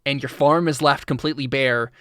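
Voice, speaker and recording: A man's voice: mid-range voice, steady tone, brisk, pushed and bright, smooth, no room sound, studio quality. A man narrating a tabletop game as game master, chatty and full of fillers. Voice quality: chatty, laughing, filler-heavy.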